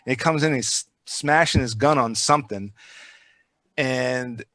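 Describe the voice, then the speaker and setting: A man's voice: mid-range voice, measured pace, no room sound. A man chatting casually on a podcast, telling rambling, profane stories with lots of energy. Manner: rambling, profane, animated storytelling.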